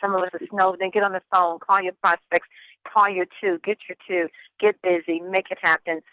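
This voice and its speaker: An excited pastor closes out a motivational conference call, piling on thanks and encouragement. The voice is bright and forceful, and the sound is dry and close. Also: medium pitch, normal speed, no room sound, muffled recording. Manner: effusive, gushing, repeats phrases. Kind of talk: hyped-up motivational call host.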